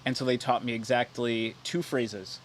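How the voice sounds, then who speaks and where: A man's voice: mid-range voice, steady tone, moderate pace, slight background noise, low-quality recording. Wry man chatting as guest. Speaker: podcast guest. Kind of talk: casual chat.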